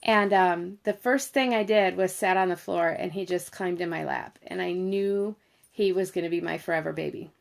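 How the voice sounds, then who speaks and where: A woman's voice: on the low side, normal speed, creaky. A middle-aged woman, chatting and rambling as she tells a story on a livestream, talking to viewers and her dog. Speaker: vlogger.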